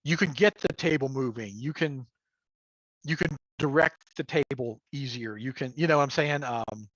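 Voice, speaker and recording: A man's voice: mid-range voice, normal speed, fairly bright tone, no room sound. A man talking as a guest game master in a casual livestream chat. He rambles with lots of fillers and chuckles, heard over a remote call mic. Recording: dull lo-fi call audio.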